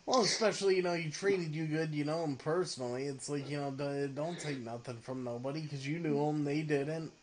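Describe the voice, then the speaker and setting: Agreeable podcast host, crowd behind. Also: male voice, on the high side, steady tone, a little fast, hardly any pauses, low-quality recording. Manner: short agreeing replies. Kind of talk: casual interview.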